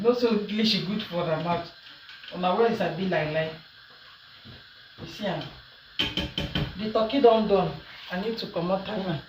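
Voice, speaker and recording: A woman's voice: medium pitch, moderate pace, long pauses, far from the mic. A Nigerian woman talks to her followers while she cooks, teasing and laughing as she goes. She sits away from the mic in a roomy kitchen, with a faint hiss underneath. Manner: chatty and teasing, laughs often. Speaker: social media commentator. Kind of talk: casual commentary while cooking.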